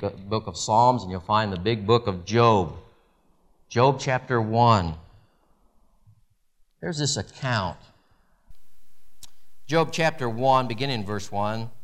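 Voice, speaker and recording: A man preaching a sermon in a church, animated, with wide swings in pitch and loudness. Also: a little slow, long pauses. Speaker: pastor.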